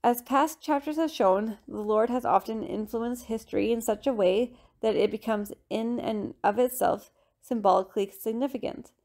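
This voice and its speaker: A woman giving a steady, measured scripted reading for a scripture study lesson. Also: fairly high pitch.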